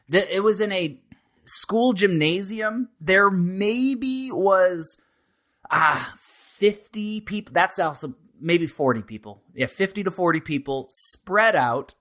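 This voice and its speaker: Bright-voiced man telling a story. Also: sits high, slow. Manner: animated, laughing storyteller. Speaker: wrestler guest. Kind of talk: casual storytelling.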